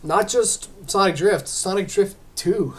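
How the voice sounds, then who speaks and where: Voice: mid-range voice, unhurried, breathy edge. A gamer giving casual commentary while playing, muttering encouragement to themselves and joking with chat. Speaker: let's play gamer.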